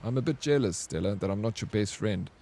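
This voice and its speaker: A male game streamer with a somewhat low voice talks casually to his live audience. He teases viewers by name and reads their chat messages aloud between bits of play. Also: animated, brisk, warm tone, a little hiss or hum.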